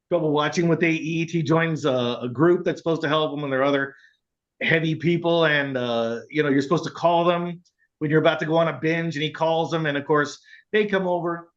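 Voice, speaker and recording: A man co-hosting a casual film podcast, rambling with many fillers and laughing as he retells scenes. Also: fairly bright tone. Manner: rambling, laughs often, acts out quotes in a high voice. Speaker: podcast co-host. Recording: dull lo-fi sound.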